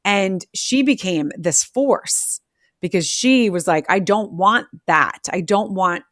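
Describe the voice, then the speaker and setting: A middle-aged woman hosts a conversational interview and tells stories about her family with animated energy. She slips into quoted voices as she goes. The recording is dry, with no room echo. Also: medium pitch, takes it slowly. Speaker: podcast host.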